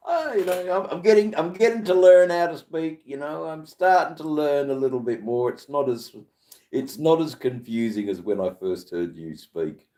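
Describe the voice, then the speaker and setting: An Australian man with a low, somewhat dark voice hosts a live stream, chatting with his viewers in a relaxed, rambling manner peppered with swearing.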